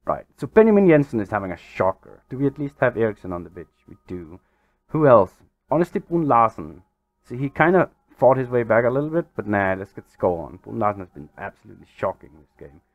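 A man hosting a gaming channel, giving excitable, exasperated let's-play commentary over a football management game. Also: medium pitch, brisk, dry recording, dull audio. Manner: exasperated, excitable, swears mildly.

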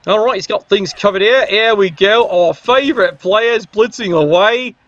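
A man's voice: high voice, moderate pace, a bit bright, no echo, highs cut off. A man giving casual, sarcastic play-by-play commentary on a video game match. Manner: cheeky, sarcastic banter.

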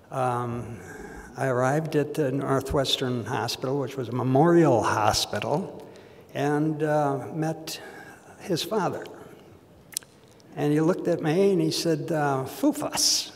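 An older man, a longtime patient, telling a story slowly and haltingly with many pauses and fillers. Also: mid-range voice, a little mellow, a little hiss or hum. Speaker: longtime patient invited to speak. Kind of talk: spoken anecdote. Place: conference hall. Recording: long hall reverb.

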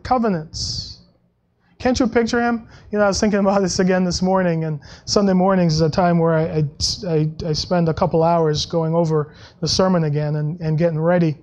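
A male pastor preaching a sermon in a conversational way, with frequent restarts and soft laughs, and dropping his voice when he quotes scripture. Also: fairly even intonation, fairly quick, few pauses. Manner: acts out Bible quotes in a lower voice.

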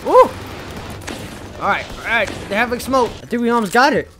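A man giving excitable let's play commentary, yelling and repeating words in bursts, a bit hoarse from shouting. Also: very high-pitched, brisk. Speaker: gaming video creator. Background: game music and gunfire.

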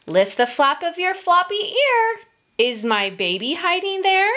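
A woman's voice: extremely high pitch, very animated, measured pace, fairly bright tone. A woman reading a picture book aloud to young children at story time. She speaks in a sing-song way, asks the children questions and drops into whispers for asides.

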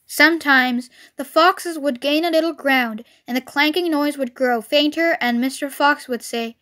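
A woman's voice: sits high, moderate pace, few pauses, fairly bright tone. A woman reading a children's storybook aloud expressively, as a storyteller.

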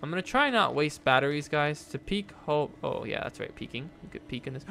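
A man's voice: fairly high pitch, lively intonation, a little fast, gravelly, sharp tone, a little hiss or hum. A young man commentating a horror game, nervous and jumpy, talking to viewers with lots of fillers and frightened exclamations. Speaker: gaming YouTuber. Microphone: desk mic with face cam.

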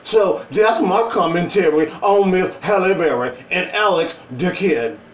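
A man's voice: high-pitched, a little slow, echoey room, far from the mic, rough recording. A man talking casually in a joking opinion vlog, with playful asides and put-on voices. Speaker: vlogger.

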